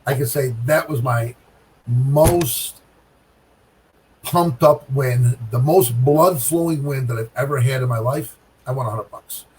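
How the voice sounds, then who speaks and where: A middle-aged man telling a bowling story in casual chat, animated, with sound effects and repeated phrases. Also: medium pitch, unhurried, distant mic, a little hiss or hum, low-quality recording. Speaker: guest pro bowler.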